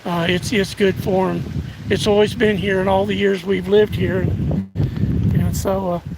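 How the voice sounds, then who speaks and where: A hoarse older man from the United States, live streaming on a phone outdoors in windy woods, chatting in a folksy, halting way and thanking viewers by name. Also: sits high, level tone. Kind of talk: casual live-stream chat. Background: faint wind and rustling leaves.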